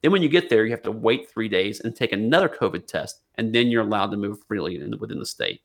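A man's voice: lowish voice, expressive, fast, creaky. Profane man ranting on a podcast. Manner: profane, joking, rambling with restarts. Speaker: podcast co-host. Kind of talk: casual political chat.

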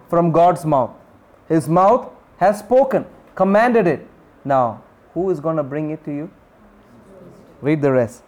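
A man's voice: high voice, darkish tone. A man preaching a sermon, repeating key phrases and putting questions to his listeners. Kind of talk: sermon teaching.

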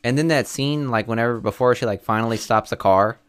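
A man's voice: medium pitch, fairly quick, a bit bright, smooth. A man co-hosting a movie podcast, chatting casually about a horror film and laughing as he quotes the characters. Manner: laid-back, laughs while quoting characters. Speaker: podcast co-host. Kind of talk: casual movie recap chat.

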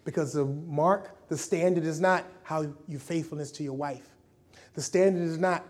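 Male preacher, high-pitched voice, animated delivery, acts out quoted lines. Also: normal speed. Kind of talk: sermon.

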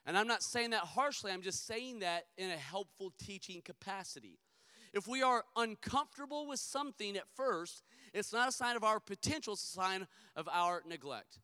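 Middle-aged male pastor, high and bright, emphatic sermon delivery with comic storytelling asides. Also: lively intonation, normal speed, smooth. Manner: emphatic preaching with humorous storytelling.

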